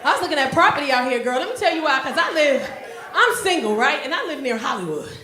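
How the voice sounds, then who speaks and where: A middle-aged woman doing a loud, brash, profane stand-up set on a comedy club stage, acting out characters in quick voices, with the audience laughing behind her. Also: high-pitched, sing-song. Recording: live club recording with faint crowd.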